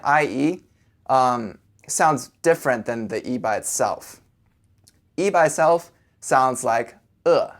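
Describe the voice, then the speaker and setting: A man teaching a language lesson, who explains each sound patiently and slowly repeats syllables so they can be copied. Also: mid-range voice.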